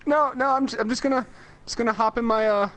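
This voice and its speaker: A flustered, prim British gentleman, as an American man puts him on, with a put-on British accent pitched well above his usual voice. He stammers and apologizes in a high, fluttery tone, a comic caricature from a chat podcast. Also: fast.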